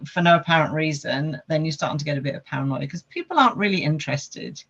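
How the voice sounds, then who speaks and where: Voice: medium pitch, expressive, fast, creaky, fairly bright tone, slightly rough, highs cut off. A podcast guest, telling a personal story in an earnest way and listing things with lots of repetition.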